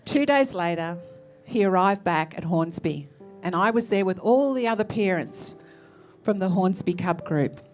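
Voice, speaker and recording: An Australian woman telling a personal story on stage in a lively, expressive way, acting out the people she quotes. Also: lowish voice, a little slow, soft background music. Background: faint musical accompaniment.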